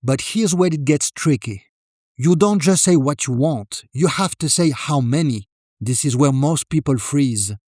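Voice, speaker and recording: A man calmly narrating a scripted language lesson, demonstrating French phrases with deliberate delivery. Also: mid-range voice, no room sound, studio quality.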